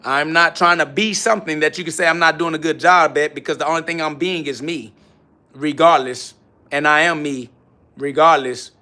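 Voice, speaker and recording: A man's voice: a little high, steady tone, normal speed, sharp tone. A man hosting a live stream from his garage gym, answering viewer comments in a brash, boastful, repetitive rant. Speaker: livestream host.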